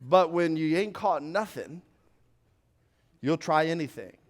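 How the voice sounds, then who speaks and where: Animated high-voiced male preacher. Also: takes it slowly. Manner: animated preacher, acts out Bible scenes with rising emphasis. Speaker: pastor. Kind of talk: sermon.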